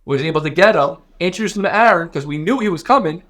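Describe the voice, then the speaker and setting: Male podcast co-host, rambling, restarts a lot, slightly higher voice. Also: lively intonation, quick pace, fairly bright tone. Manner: rambling, many restarts and fillers. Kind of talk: casual podcast chat.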